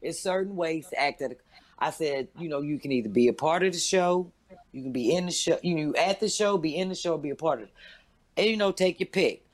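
A woman in her fifties, a stand-up comedian, telling a story in a loud, profane, animated way and acting out every quote. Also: fairly quick. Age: 50s. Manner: loud, profane, acts out quotes with big pitch jumps.

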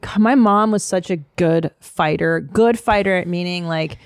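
Woman podcast host, blunt and quick, kinda low voice, dry close mic. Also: clear, resonant tone, no room sound. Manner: blunt, quick to react, animated retellings. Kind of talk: casual chat.

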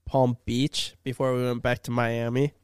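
A young man spins a laid-back story in casual chat, acting out what people said. His voice is smooth and resonant, and the room sounds dry and close. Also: mid-range voice, flat delivery, moderate pace, no room sound. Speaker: YouTuber.

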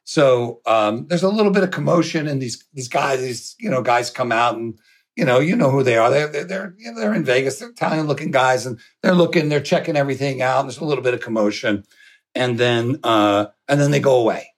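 Animated husky-voiced man telling a story. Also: mid-range voice, a little fast. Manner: animated, swearing, laughing storyteller. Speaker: podcast guest. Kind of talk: storytelling anecdote.

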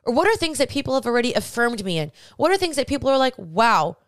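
A woman's voice: sits high, sing-song, very fast, no echo, clean studio sound. Chatty, encouraging young woman podcaster. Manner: chatty, earnest and encouraging, talks straight to listeners. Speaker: podcast host. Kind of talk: casual faith-based advice talk.

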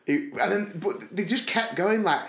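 A man co-hosting a podcast, telling a story in lively casual chat and mimicking his friends' voices. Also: high-pitched, normal speed, vocal fry, reverberant. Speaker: podcast co-host.

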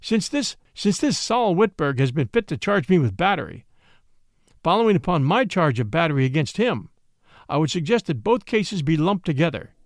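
Man doing a smug middle-aged gentleman schemer, mock-indignant, pitched up and animated. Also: normal speed, no room sound, studio quality. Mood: mock innocent. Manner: mock-indignant, theatrical protests.

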